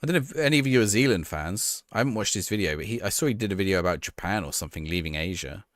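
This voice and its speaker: A man's voice: low-pitched, lively intonation, rapid-fire, a bit bright, no echo, clean studio sound. A man streaming a football management game live, reacting to the action and chatting with his viewers.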